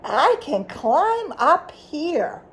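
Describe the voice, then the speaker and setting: A woman voicing a curious, playful kitten in a picture book read-aloud, speaking slowly and drawing out the words. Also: high voice, sing-song, heavily acted.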